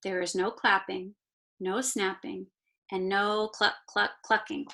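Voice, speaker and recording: A woman reading a picture book aloud, voicing a kindly male farmer who lays down strict rules in a slow, hushed, firm way. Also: medium pitch, level tone. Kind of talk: read-aloud storytime.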